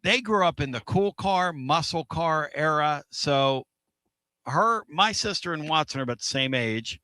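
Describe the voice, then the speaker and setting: A man hosting a sports radio show, energetic and rambling, laughing often between stories. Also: on the high side, measured pace, no echo. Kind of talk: excitable sports radio chat.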